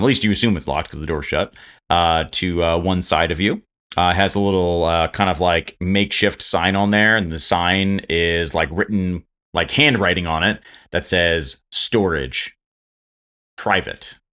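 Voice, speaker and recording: A man's voice: low-pitched, steady tone, normal speed, pushed and bright. A man narrating a tabletop game as game master, rambling with many fillers.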